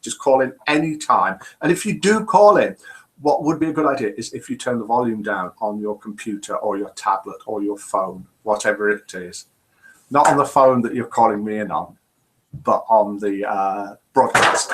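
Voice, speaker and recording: A man's voice: medium pitch, a bit bright. A man hosting a live interactive broadcast, chatting casually and talking through technical problems as they happen. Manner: chatty, talks through technical glitches as he goes. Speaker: host of a live interactive show. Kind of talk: casual live-stream chat.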